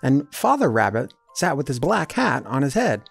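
Animated man reading a children's storybook. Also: mid-range voice, normal speed, vocal fry, husky, soft background music. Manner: lively, animated character voices. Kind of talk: storybook read-aloud.

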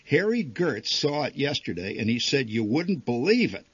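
A man's voice: mid-range voice, sing-song, normal speed, husky, no room sound, lo-fi sound, pitched above the performer's own voice. A man voicing an eager, bossy father who gets worked up and blusters. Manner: enthusiastic, blustering. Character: excitable, bossy middle-aged father.

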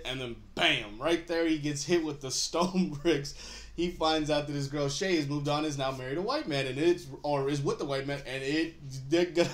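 A man recaps a TV episode in a loose, casual way, his voice sitting a little higher than most men's. He rambles through fillers and restarts at an easy pace. He chuckles often along the way. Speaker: show host.

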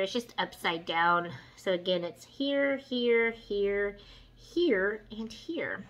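A woman, chatting excitedly through a makeup tutorial and gushing over the colors. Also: medium pitch, poor audio. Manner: gushing, excitable, says "you guys" and "y'all". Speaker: beauty vlogger. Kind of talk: casual makeup tutorial chat.

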